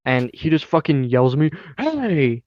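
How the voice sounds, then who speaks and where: A man's voice: mid-range voice, steady tone, moderate pace, clean tone, dry recording, highs cut off. A young man telling a story in casual chat as a podcast co-host, heated and profane throughout.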